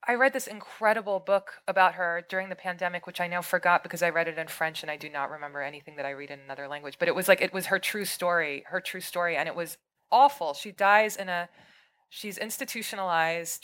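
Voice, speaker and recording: A woman's voice: fairly low pitch, fast. Chatty woman author talking books. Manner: chatty, full of fillers and restarts, animated retelling. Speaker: author being interviewed. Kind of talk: conversational book talk at a live event. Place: bookshop event space.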